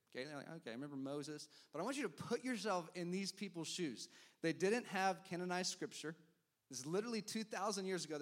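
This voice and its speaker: Animated man preaching a sermon. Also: on the high side. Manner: animated preaching, quick asides to the congregation, acts out crowd reactions. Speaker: pastor.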